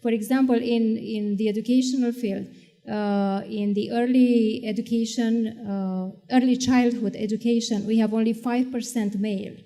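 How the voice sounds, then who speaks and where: Mellow-voiced woman speaking thoughtfully. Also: on the high side, fairly even intonation, long reverb tail. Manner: measured, thoughtful with frequent fillers. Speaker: panelist, parent and educator. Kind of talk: panel discussion.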